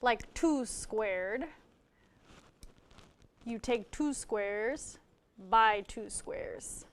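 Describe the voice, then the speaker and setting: Unhurried female math teacher. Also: on the high side. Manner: patient, counts things out step by step. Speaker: math teacher on a call-in homework show. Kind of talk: live TV lesson. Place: TV studio.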